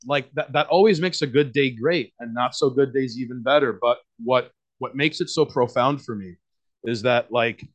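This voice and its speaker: Here a New York-accented man speaks at medium pitch and a moderate pace. Guesting on a podcast, he rambles casually with lots of fillers, restarts and swearing.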